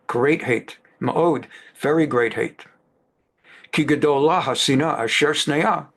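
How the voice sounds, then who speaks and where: A man's voice: mid-range voice, a bit bright. A middle-aged male rabbi giving a Bible class in a conversational way, repeating phrases and glossing Hebrew words in English.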